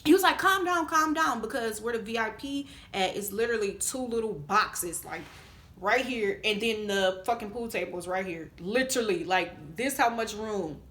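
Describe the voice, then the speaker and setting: Animated, foul-mouthed young woman storyteller. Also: mid-range voice, moderate pace. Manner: animated, profane, gets loud when angry. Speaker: vlogger telling a story time. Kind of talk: casual storytelling.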